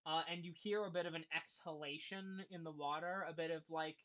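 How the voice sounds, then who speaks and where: A game master narrating a tabletop game scene in a rambling way, full of pauses and restarts. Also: mid-range voice, fairly even intonation, a bit bright, lo-fi sound. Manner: rambling, many fillers and restarts.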